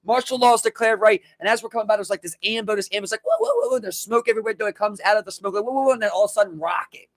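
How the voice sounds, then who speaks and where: A man with a Baltimore accent co-hosting a podcast, telling animated stories and acting out shouts. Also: sits high, racing, vocal fry, hardly any pauses, no room sound. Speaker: podcast co-host. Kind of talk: casual chat.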